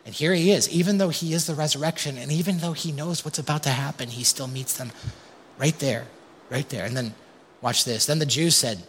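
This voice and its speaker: A man's voice: a little high, fairly quick, fairly bright tone, breathy edge. A man preaching an impassioned sermon as pastor, often calling his listeners "you guys". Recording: long hall reverb.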